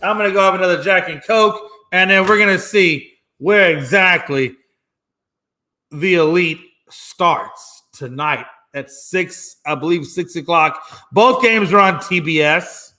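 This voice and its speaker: A man's voice: sits high, measured pace, pushed and bright. A man hosting his own sports talk show alone, ranting emphatically and mockingly, repeating lines for effect. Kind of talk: solo sports talk rant.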